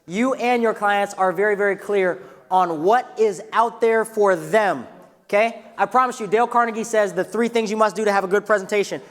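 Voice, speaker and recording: A man's voice: high voice, normal speed. Man coaching a room in a reverberant hall. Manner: energetic, coaching, asks the room questions. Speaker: real estate trainer. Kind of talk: live workshop teaching. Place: training room with a live audience.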